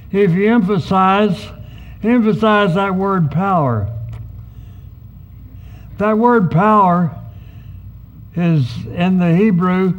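A man preaching a sermon as pastor, teaching in a measured, emphatic way and acting out short quoted asides. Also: high voice, muffled recording.

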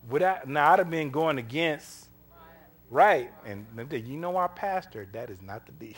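A man of fairly high pitch, speaking at a moderate pace, preaches through personal stories told in a relaxed, folksy manner. He acts out what people said with animation and laughs often along the way.

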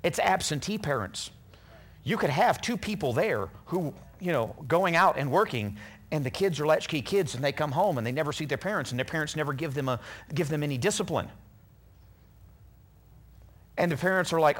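A middle-aged man delivers a sermon in a lively, swinging voice that sits a little high for a man. He talks earnestly and tells personal stories, acting out the lines of the people in them. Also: normal speed. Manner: earnest, animated storyteller who acts out quotes.

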